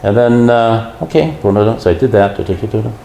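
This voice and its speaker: Man guest, very low voice, animated storyteller; roomy echo. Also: fast talker, vocal fry, a little hiss or hum. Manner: animated storyteller who acts out quotes. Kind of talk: casual storytelling.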